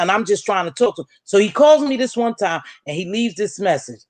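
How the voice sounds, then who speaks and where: A woman's voice: medium pitch, expressive, brisk, no room sound. A woman, hosting a casual chat and telling a story while acting out each person's lines. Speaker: vlog host.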